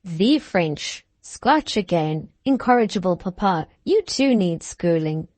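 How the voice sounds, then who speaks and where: A woman's voice: lowish voice, animated, takes it slowly, darkish tone, dry recording. A woman voicing a pert, eager young lady. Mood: teasing. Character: lively, pert young woman, a doting father's daughter.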